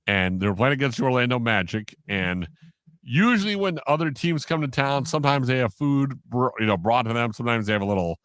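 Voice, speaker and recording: A man, a sports broadcaster on a podcast, telling stories in an animated way and acting out the quotes. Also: mid-range voice, brisk, clear, resonant tone, dry recording. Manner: animated storyteller, acts out quotes, laughs often. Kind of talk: casual storytelling in an interview.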